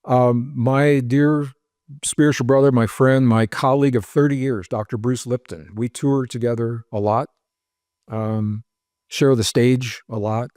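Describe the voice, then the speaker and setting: A man's voice: mid-range voice, steady tone, unhurried, a little mellow, no room sound, studio quality. A man who is the guest on a podcast interview, explaining ideas in an earnest, step-by-step way and listing example after example. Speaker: author and researcher guest.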